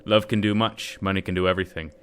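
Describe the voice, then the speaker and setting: A man reading video game dialogue aloud as a sly, smooth-talking male Cuban mercenary with a put-on Spanish accent. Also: sits low, fairly even intonation, fast, fairly bright tone, a little hiss or hum.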